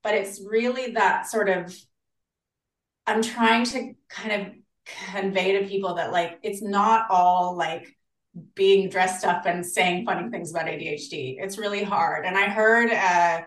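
An animated Australian woman talks as a podcast guest and slips into the voices of people she quotes. Her voice is mid-pitched and sounds roomy. It comes from a little way back from the microphone. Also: unhurried. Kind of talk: casual interview chat. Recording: roomy, distant from the mic.

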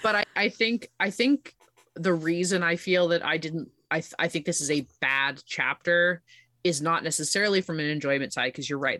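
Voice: mid-range voice, a bit bright, no echo, studio quality. A player on a tabletop podcast, chatting casually and emphatically.

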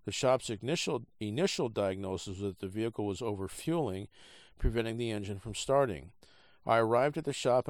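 A man with a fairly low-pitched voice, recorded with no echo, reads a trade article on his podcast. He stumbles casually through it with plenty of fillers while fighting the hiccups.

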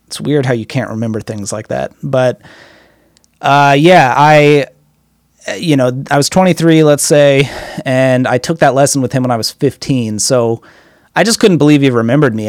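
A young man in his twenties casually telling rambling stories about drumming and touring, swearing freely and getting excited in asides. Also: medium pitch, dry recording, studio quality. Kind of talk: casual storytelling.

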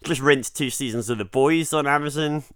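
A Scottish man co-hosting a podcast, talking in a relaxed, jokey way and swearing freely. His voice is smooth and clear. The recording is close and dry, with no room sound. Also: on the high side, normal speed, no echo. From Scotland. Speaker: podcast co-host. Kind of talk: casual chat.

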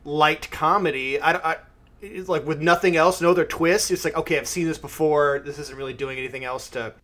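A man's voice: on the high side, steady tone, brisk, a bit bright. A man in casual conversation about a film, chatty, laughing easily and questioning his co-host. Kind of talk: casual film review chat.

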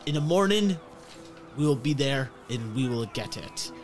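A man voicing a boastful male pirate captain who speaks slowly and formally. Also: medium pitch, lively intonation, faint music behind, close to an everyday voice. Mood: pompous. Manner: pompous, slow and formal.

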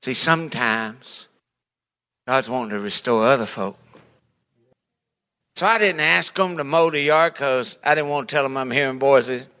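A man's voice: medium pitch, unhurried, long pauses, bright, forceful tone, smooth. A man preaching a sermon, telling folksy, humorous stories and acting out the voices of the people in them. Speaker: pastor. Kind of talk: storytelling sermon.

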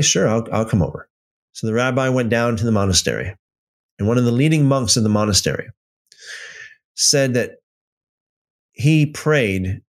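A man hosting a livestream, telling a story loosely with many restarts and then reading out viewer comments. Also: medium pitch. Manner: reads out and answers live chat comments. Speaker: livestream host. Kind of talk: casual livestream teaching.

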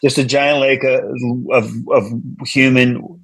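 A man's voice: medium pitch, level tone, takes it slowly, no echo. A man, a comedian guest, telling a long story in casual chat, rambling with restarts and asides.

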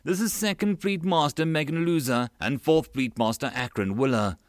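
A man's voice: a little high, normal speed, no echo, studio quality, pitched above the performer's own voice, close to an everyday voice. A man voicing a flirtatious, pompous male fleet master who speaks in flowery, eager compliments. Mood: charming.

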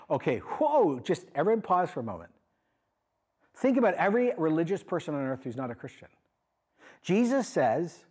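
A man preaching a sermon as pastor, conversational and animated, with emphatic asides. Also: on the high side, normal speed, slightly rough.

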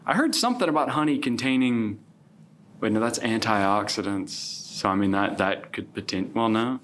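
A man's voice: on the low side, expressive, moderate pace, fairly bright tone, a little hiss or hum. A man co-host in casual chat, hesitant and repeating words as he thinks aloud. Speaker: podcast co-host.

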